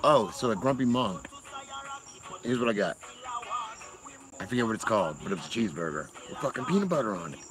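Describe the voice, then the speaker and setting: Over background music and through a low-quality recording, a man from Massachusetts, USA chats casually on a livestream, rambling, swearing and laughing a lot. His voice is fairly low with lively intonation, and he talks fairly quickly with frequent pauses.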